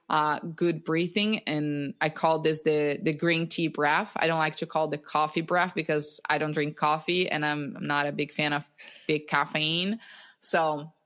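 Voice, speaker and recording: Calm woman guiding breathing exercises. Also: low voice. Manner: calm, instructive, slows down to guide breathing. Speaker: breathwork teacher, podcast guest. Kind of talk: guest explaining techniques on a podcast. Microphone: video call.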